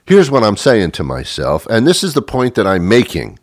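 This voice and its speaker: A man's voice: fairly low pitch, huge pitch swings, moderate pace, no echo, clean studio sound. A man telling a comic rant in an indignant, mock-pompous storytelling manner.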